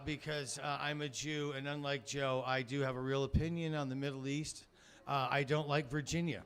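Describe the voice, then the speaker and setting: A man's voice: on the high side, fairly bright tone. A man doing stand-up comedy in a club, telling a rambling, profane story and laughing at his own jokes. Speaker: amateur stand-up comic.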